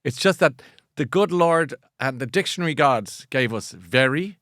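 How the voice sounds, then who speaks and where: A man with an Irish accent hosting a book show, chatty and animated, often laughing at himself. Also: fairly high pitch, moderate pace, no room sound, studio quality. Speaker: host. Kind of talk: casual chat.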